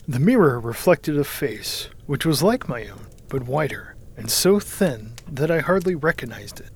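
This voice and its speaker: A man reading a first-person story aloud in a measured, dramatic manner, sometimes sinking to a hushed whisper. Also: medium pitch, animated, a little hiss or hum. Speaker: audiobook narrator. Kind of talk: scripted first-person narration.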